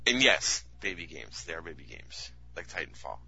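A man with a lowish but very sharp, tense voice reads listener questions on a casual gaming podcast. He hedges and corrects himself with self-deprecating humor. The sound is dull and lo-fi. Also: sing-song, moderate pace, gravelly, husky.

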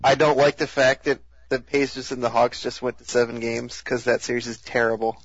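A man on a casual gaming podcast, joking and teasing his friends in a mid-pitched voice. The recording is dry and close with no room sound, and dull and lo-fi. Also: little pitch movement, fairly quick, breathy edge, no room sound.

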